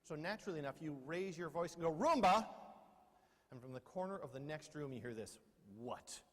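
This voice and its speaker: A man's voice: fairly high pitch, fast talker. A middle-aged man giving a humorous keynote talk, joking and quizzing his audience with questions. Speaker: keynote speaker. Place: large lecture hall. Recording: long hall reverb.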